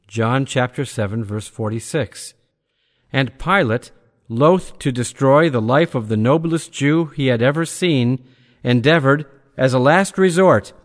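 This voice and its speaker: A man reading theological prose aloud in a measured, deliberate manner, slowing down for scripture citations. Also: mid-range voice. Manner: measured, deliberate delivery that slows to cite scripture references. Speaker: reader of a religious text. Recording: long hall reverb.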